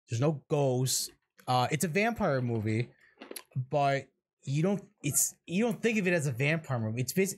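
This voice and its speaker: A man co-hosting a casual horror podcast, excitable, swearing freely and trailing off into fillers. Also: medium pitch. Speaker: podcast co-host. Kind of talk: casual chat.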